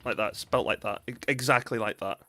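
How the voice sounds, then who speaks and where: A man's voice: medium pitch, brisk, pushed and bright. A young man with a Northern English accent, rambling and giggling through casual live-stream commentary on a game. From northern England. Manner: giggly, rambling, breaks into laughter.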